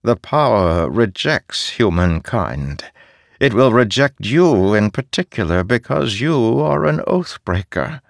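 A man voicing a cold, calculating older male ruler in an audiobook, calm, slow and condescending. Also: fairly low pitch, gravelly, no room sound, clean studio sound, voice pushed up, heavily acted.

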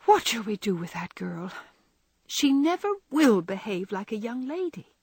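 A woman's voice: mid-range voice, big pitch swings, a little slow, darkish tone, husky, dry recording, studio quality, voice pushed up, exaggerated voice. A woman reading the part of a proper, ladylike eldest sister who sounds a little condescending. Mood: exasperated.

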